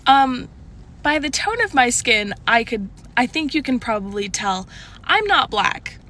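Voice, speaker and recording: A young woman in her twenties tells a story at an unhurried pace. Her voice is bright and sits a little high, with lots of likes and restarts. She is animated and keeps shifting her pitch. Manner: chatty, full of likes and restarts. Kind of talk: casual storytime chat.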